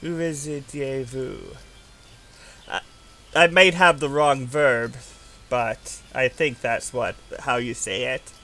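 A man's voice: mid-range voice, takes it slowly, pushed and bright, faint music behind. A man streaming a game from home, rambling and musing aloud in casual chat.

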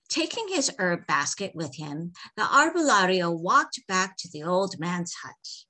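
Woman storyteller, bright tone, lively melody, unhurried reading. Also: fairly low pitch. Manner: expressive, measured reading. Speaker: author reading her story. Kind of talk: storytelling read-aloud.

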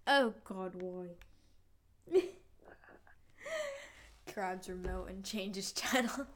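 A woman's voice: medium pitch, very slow, slight background noise. A young woman improvising a casual role-play, narrating her character's actions in the present tense and often giggling.

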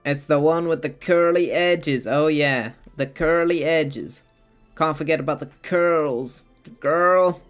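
Slow-talking giggly man streaming a game. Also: a little high, clear, resonant tone, soft background music. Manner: rambling, giggly, chatting to viewers. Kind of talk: casual live-stream chat while playing.

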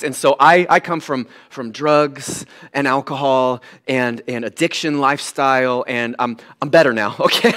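A pastor, a man around his thirties, preaching a candid, self-deprecating sermon in an animated way. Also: on the high side, normal speed, hardly any pauses. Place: church sanctuary.

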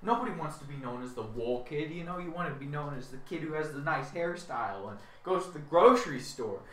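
A man's voice: fairly high pitch, lively intonation, fairly quick, a bit bright. Ranting young man in an echoey room. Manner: whiny, self-mocking rant with many repeats. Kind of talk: rambling solo rant. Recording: echoey room, far from mic.

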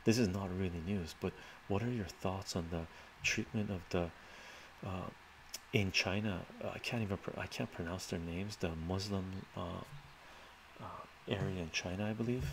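A man's voice: deep voice, moderate pace, background noise. A man hosting a live stream, reading out chat questions and musing through them in a thoughtful, rambling way with sighs and fillers.

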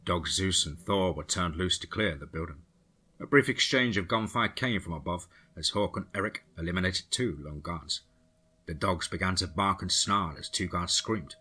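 A man narrating a dark action story for a horror podcast with a steady, dramatic delivery. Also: low voice, normal speed, husky.

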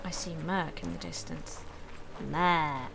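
A woman's voice: sits low, big pitch swings, slow pace, music in the background. A woman hosting a let's play, chatting casually and thinking aloud as she plays, with frequent exclamations. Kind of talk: casual game commentary.

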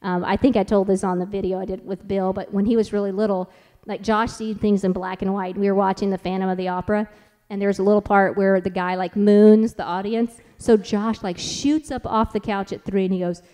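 A woman's voice: mid-range voice, flat delivery, a little fast, warm tone, in a large hall. Chatty woman telling stories at a church conference. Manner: chatty and rambling, lots of "like", restarts. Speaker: conference speaker and mother. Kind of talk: conference talk with storytelling.

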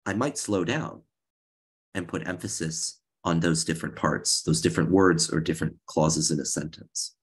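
Husky-voiced man teaching over a video call. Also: low-pitched, normal speed. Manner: earnest, repeats and restarts phrases. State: hoarse from a head cold. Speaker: speech contest coordinator. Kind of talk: workshop presentation.

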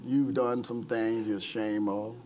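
A man's voice: medium pitch, level tone, measured pace, a little mellow. A man preaching an impassioned sermon as pastor, calling people forward and retelling stories with acted-out quotes. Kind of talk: sermon with altar call. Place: church service.

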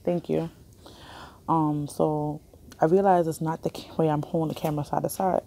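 Low gravelly-voiced young woman vlogging. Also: flat delivery, moderate pace, mellow, a little hiss or hum. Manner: chatty, rambling, laughs often. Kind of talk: casual vlog chat. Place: hospital waiting area. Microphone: phone camera held in hand.

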